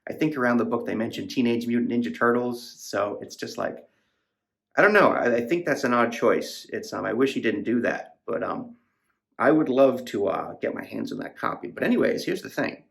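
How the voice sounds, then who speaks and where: A man's voice: medium pitch, lively intonation, brisk, vocal fry, a bit bright. A man hosting a podcast, rambling casually about a novel in a profane, filler-heavy way. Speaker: podcast host reviewing a novel. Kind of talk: casual book discussion.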